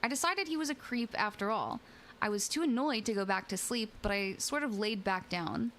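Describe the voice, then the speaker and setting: A young adult woman, a VTuber streamer, hosts a live stream where she reads scary stories aloud and chats playfully with viewers, giggling often. Her voice is medium-pitched, a bit bright, and at normal speed, with a little hiss or hum.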